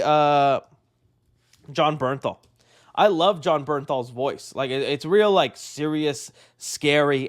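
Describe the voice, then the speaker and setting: A young man hosting a live stream, rambling and excitable, saying "dude" often and laughing a lot. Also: on the high side. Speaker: livestream host. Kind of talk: casual live-stream chat.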